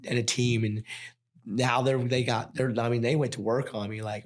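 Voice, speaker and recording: A man's voice: mid-range voice, little pitch movement, moderate pace. A man from Nevada, a wildland firefighter guest on a podcast, talking casually and emphatically, swearing often and acting out his own past thoughts. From Nevada, USA. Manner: emphatic, profane storytelling with quoted self-talk. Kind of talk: casual conversation.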